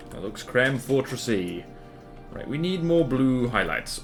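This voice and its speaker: A man's voice: medium pitch, very animated, unhurried, faint music behind. A man chatting casually with his live-stream viewers while playing a game, rambling and laughing often as he answers chat.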